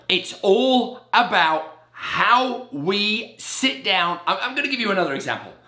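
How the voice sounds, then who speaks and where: Animated, caffeinated man with lively pitch. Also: moderate pace, hardly any pauses. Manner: animated and energetic, self-described as very caffeinated; acts out his own inner voices in quoted asides. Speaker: real estate agent. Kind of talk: motivational talk to agents. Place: indoor room with a blackboard on the wall. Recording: roomy echo.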